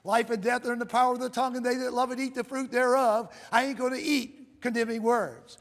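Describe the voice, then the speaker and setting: A man preaching a sermon, calling out to the congregation and reading scripture in a slow, drawn-out cadence. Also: extremely high pitch, level tone, vocal fry. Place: church sanctuary. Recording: long reverb of a large hall.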